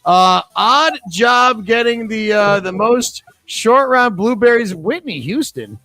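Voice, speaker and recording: A man's voice: high-pitched, animated, slow pace, pushed and bright, no echo. A man hosting a live trivia podcast, reading out questions and joking with his co-hosts. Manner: joking, chatty, reads questions aloud. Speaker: trivia host.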